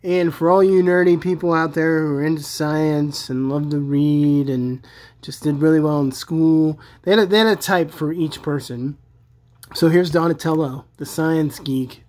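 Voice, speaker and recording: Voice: mid-range voice, measured pace, a little mellow. A toy collector reviewing action figures in a casual, chatty and enthusiastic way, with many fillers. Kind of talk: casual product review vlog.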